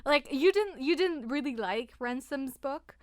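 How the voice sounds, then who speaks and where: High-pitched woman gushing on a podcast, laughs a lot, dry close mic. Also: unhurried, dry recording. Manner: animated, laughing, swears freely. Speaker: podcast co-host. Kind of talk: casual book chat.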